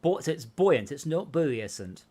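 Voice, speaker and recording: A man's voice: on the high side, very animated, measured pace, background noise. A man hosting a game stream, casually talking other players through each step. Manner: instructive, talks players through steps. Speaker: stream host guiding players. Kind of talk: casual gaming chat.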